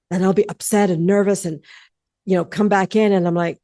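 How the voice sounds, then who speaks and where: A woman's voice: medium pitch, fairly even intonation, fairly quick, dark tone, dry recording. A woman hosting a podcast interview, talking in a candid, blunt and playful way into a close mic. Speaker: podcast host. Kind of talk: casual interview chat.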